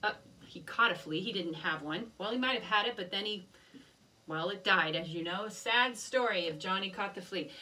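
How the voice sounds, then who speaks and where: A woman teaching a music lesson to young children, gently encouraging and chanting rhythm syllables in a sing-song voice. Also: medium pitch, moderate pace, distant mic.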